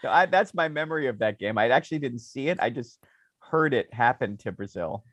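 A man co-hosts a podcast in a brisk, mid-range voice with no echo. He's an animated storyteller, spinning tales in casual chat and laughing often.

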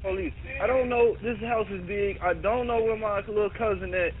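A man's voice: high-pitched, fairly quick, a crowd in the background. A man on an emergency call, insistent and exasperated, urging the dispatcher to send police. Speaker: caller. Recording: noisy tinny phone line.

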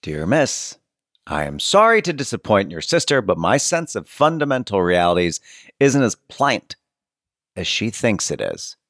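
A man's voice: fairly low pitch, sing-song, a little slow, fairly bright tone, no echo, clean studio sound. A man co-hosting a podcast, laid-back with wry asides, chatting casually and reading old letters aloud. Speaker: podcast co-host.

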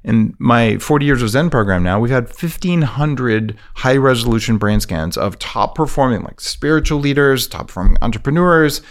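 A man talking as a podcast guest, explaining his ideas in a fast, emphatic way. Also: mid-range voice, expressive. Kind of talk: interview, conversational.

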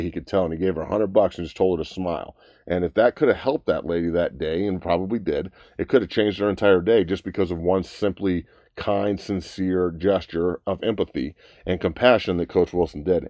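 A man's voice: low voice, mellow, no echo, lo-fi sound. A man in his thirties hosting his own talk show, ranting bluntly and profanely about the news. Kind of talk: profane opinion rant.

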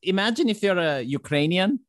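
A man's voice: sits high, lively intonation, brisk, no echo, studio quality. A man who is a guest on a podcast, chatting casually, asking questions and stumbling over his words. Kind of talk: casual chat.

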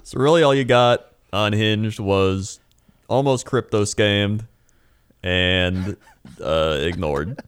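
A man's voice: fairly low pitch, slow pace, clear, resonant tone, no room sound. A man co-hosting a podcast in casual chat, laid-back and easily amused. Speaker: podcast co-host.

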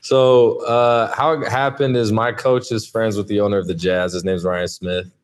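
Deep-voiced young man chatting casually. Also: moderate pace, noisy background. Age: 20s. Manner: relaxed, lots of "like" fillers. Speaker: podcast guest, college athlete. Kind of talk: casual interview chat.

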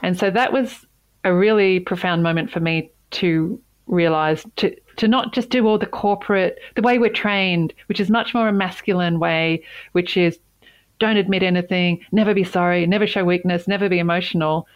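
A woman with a somewhat low voice tells a personal story in an interview with earnest emphasis. She doubles back on words to stress her point. The sound is dry and close. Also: moderate pace, clear, resonant tone, dry recording, dull audio. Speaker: CEO, interview guest.

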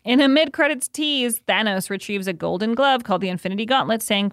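A woman's voice: on the high side, lively intonation, a little fast, fairly bright tone, no echo, studio quality. Chatty woman co-hosting a film podcast. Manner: chatty, amused, lots of likes. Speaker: podcast co-host. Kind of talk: casual chat, reading plot summary.

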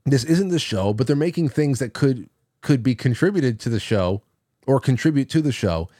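A man's voice: medium pitch, animated, normal speed, warm tone, no echo. Amused man hosting, dry close mic. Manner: rambling, amused storytelling with frequent restarts. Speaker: radio show host. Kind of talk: casual reminiscing monologue.

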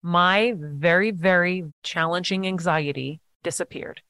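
A woman's voice: fairly low pitch, unhurried, sharp tone, clean tone, no room sound, clean studio sound. A woman speaking as a podcast guest, telling stories earnestly and acting out what others said. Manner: earnest, storytelling, acts out quotes. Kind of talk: casual interview talk.

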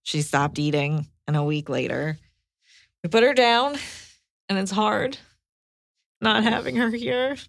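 A woman's voice: medium pitch, lively intonation, measured pace, creaky, pauses often, dry recording, studio quality. A woman co-hosting a podcast in casual chat, asking questions and giving short agreeing replies. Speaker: podcast co-host.

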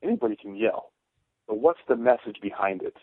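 A man's voice: lowish voice, animated, fairly quick, husky, no echo. A man who played pro football, co-hosting sports radio and telling a story emphatically with many repeated phrases. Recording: tinny phone-like radio broadcast, dry.

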